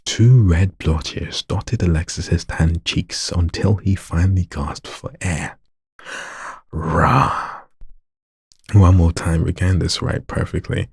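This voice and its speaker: A man's voice: deep voice, fairly even intonation, slow pace, a little mellow, husky, no echo, studio quality. A man reading a story aloud, stumbling over lines, retaking them and joking with himself. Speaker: story narrator.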